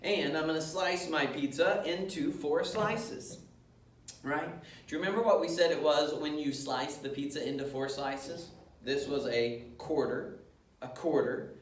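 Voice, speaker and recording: A man teaches young children to read rhythms, speaking slowly and patiently and chanting the beats in time. His voice sits a little high. He is recorded from some distance in an echoey classroom. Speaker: music teacher. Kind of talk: elementary music lesson.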